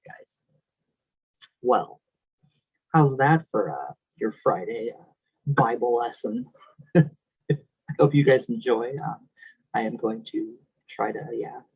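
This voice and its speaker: A man's voice: mid-range voice, darkish tone, slightly rough, no echo, muffled recording. A young man hosting his channel, reading out viewer comments in a casual, affectionate, emotional way with frequent laughs.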